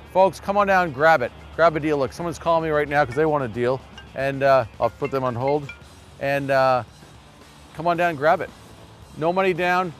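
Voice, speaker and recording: A man hosting a local TV car-sales show at a dealership, chatty and folksy, with many fillers. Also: on the high side.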